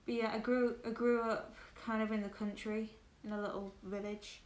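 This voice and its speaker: This woman hosts a livestream, chatting with her viewers in a candid, filler-heavy way. Though from West Yorkshire, England, she speaks with a Southern English accent, her voice slightly high and level at a moderate pace. Echo and background noise fill the room.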